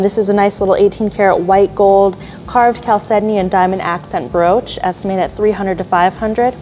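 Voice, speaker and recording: Woman walking through jewelry lots, mellow. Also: mid-range voice, low-quality recording. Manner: describes items one by one, admiring, with small apologies and fillers. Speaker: auction house jewelry specialist. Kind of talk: auction preview walkthrough.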